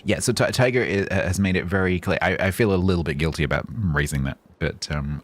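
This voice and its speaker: A man chatting calmly on a game livestream, rambling with fillers and restarts. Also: deep voice, a little fast, hardly any pauses. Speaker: game streamer. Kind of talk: casual livestream chat.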